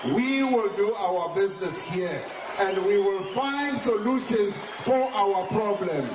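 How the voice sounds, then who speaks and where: A man's voice: high-pitched, expressive, slow pace. A man with a South African accent giving a defiant, emphatic public speech. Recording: distant mic, echoey, noisy background.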